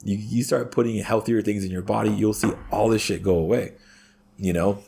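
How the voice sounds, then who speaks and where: Guy on a podcast going off, swearing a ton, husky voice, keeps saying right?. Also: on the low side, fairly even intonation, fairly quick, mellow. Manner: profane, ranting, tags sentences with "right?". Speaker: podcast guest. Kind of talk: casual podcast conversation.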